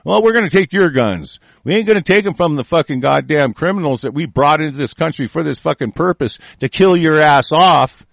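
A man's voice: on the high side, lively intonation, fairly quick, creaky, hardly any pauses, no echo. A man hosting a political broadcast, delivering an angry, profane rant full of restarts and repetition. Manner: profane, heated, repeating himself. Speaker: host of an online political broadcast.

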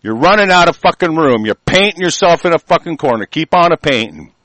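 A man's voice: on the high side, animated, a little fast, no room sound, poor audio. A man hosting a talk show, delivering an angry political rant packed with profanity and insults. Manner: swears constantly, shouting insults.

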